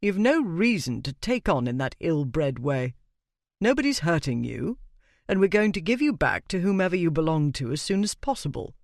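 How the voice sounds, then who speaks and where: Narrator as a disdainful aristocrat, clipped and dry, lively inflection. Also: male voice, a little high, moderate pace, vocal fry, no room sound. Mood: irritated. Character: cool, irritable aristocratic Regency gentleman.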